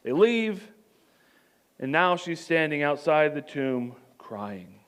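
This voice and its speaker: Man, pastor, sermon, animated storytelling, comic asides, higher pitch. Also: slow pace, clear, resonant tone.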